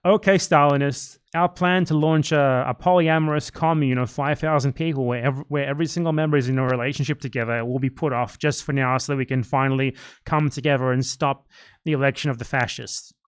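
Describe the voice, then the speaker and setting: A man's voice: mid-range voice, fairly even intonation, brisk, smooth, dry recording, studio quality, natural voice. A man satirically voicing an earnest, long-winded male anarchist.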